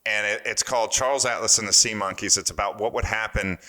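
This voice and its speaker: A man in his fifties with a bright, forceful voice tells a story on a podcast. He is animated and excitable, and he acts out the other people's words as he goes. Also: lowish voice, fast. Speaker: guest, former wrestler and strength coach.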